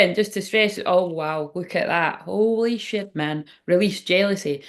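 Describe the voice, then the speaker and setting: A woman gives a casual, rambling live tarot reading. Her voice has a gravelly, fried edge, and she drifts between thoughts and swears freely. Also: on the low side, moderate pace, few pauses. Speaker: tarot reader.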